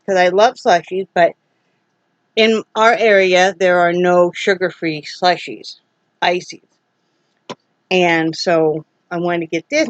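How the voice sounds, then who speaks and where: A woman's voice: fairly low pitch, no echo. Woman from Iowa, casual rambling home vlogger, slightly dull lo-fi sound. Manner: chatty, rambling, scolds her dogs. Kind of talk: casual chat to camera.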